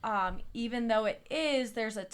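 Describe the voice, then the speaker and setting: A woman's voice: on the high side, normal speed, clear, resonant tone. Female podcast co-host from New Mexico, earnest and reflective. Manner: earnest, reflective, laughs often. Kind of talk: casual chat.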